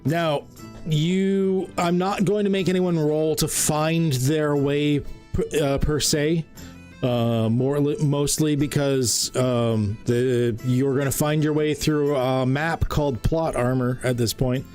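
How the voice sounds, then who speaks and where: A man's voice: fairly high pitch, fairly even intonation, slow pace, darkish tone, faint music behind. A man narrating a tabletop game as game master in a casual, rambling way, full of fillers.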